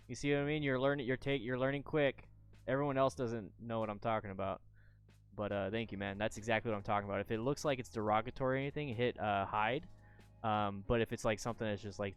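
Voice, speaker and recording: A man hosting a live stream, chatting casually as he reviews motorcycle crash videos and sometimes bursts into loud, excited shouts. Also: medium pitch, smooth.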